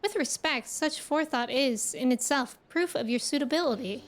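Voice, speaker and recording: A poised young noble envoy who speaks with formal courtesy, read aloud by a woman in her own high voice. The lines come from a fantasy game. Faint music sits behind. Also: normal speed, close to an everyday voice. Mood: courteous.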